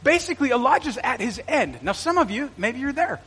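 A middle-aged male pastor preaching a lively sermon in a church auditorium, quizzing and joking with the congregation. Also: extremely high pitch, brisk, slightly rough. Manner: energetic, jokey, quizzes the congregation. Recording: long church hall reverb.

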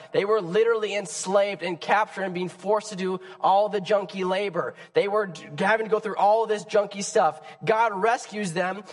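A young man preaching a sermon on a church stage, his voice raspy and hoarse from a cold. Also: high voice. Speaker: pastor. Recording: long church hall reverb.

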